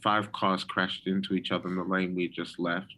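A man's voice: sits low, level tone, normal speed, pushed and bright, low-quality recording. A man who is a guest and a prophet, telling his personal testimony with frequent ums and restarts.

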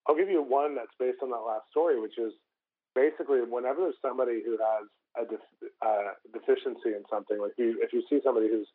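A young man, a pastor and guest, telling a story in an interview in a lively way and acting out the people in it. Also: medium pitch, quick pace. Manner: animated, acts out the voices of people in his stories. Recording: tinny phone-like line.

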